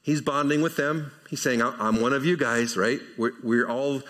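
A man preaching a conversational sermon verse by verse, asking rhetorical questions and shifting between emphatic and quiet delivery. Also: medium pitch, fairly even intonation, normal speed. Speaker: pastor.

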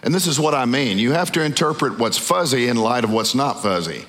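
A male pastor preaching a sermon, asking the congregation questions and slowing down to stress key words. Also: medium pitch, animated, a bit bright. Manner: call-and-response questions to the congregation; emphatic, slows down on key words. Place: church sanctuary. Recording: long reverb of a large hall.

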